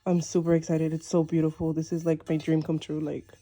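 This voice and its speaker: A young woman films herself opening a package, words tumbling out in breathless delight. Her voice is very warm and mellow, with no edge to it. She keeps circling back to exclamations and filler words as she goes. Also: sits low, level tone, brisk. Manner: gushing, breathless, lots of "like" and "oh my gosh". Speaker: vlogger. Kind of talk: excited unboxing vlog.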